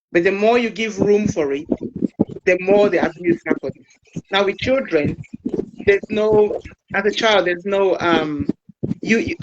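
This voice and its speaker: A man giving an earnest explanatory talk, speaking slowly and repeating himself for emphasis, and acting out quoted lines. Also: high voice. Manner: repetitive, slow emphasis, acts out quoted lines. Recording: muffled audio with loud noise.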